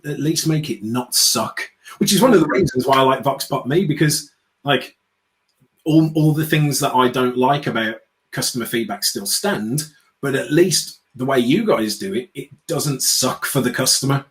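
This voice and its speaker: A British man, an outspoken guest speaker, chatting casually in an interview with sarcastic, animated asides. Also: mid-range voice, low-quality recording. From United Kingdom. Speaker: guest, customer experience speaker.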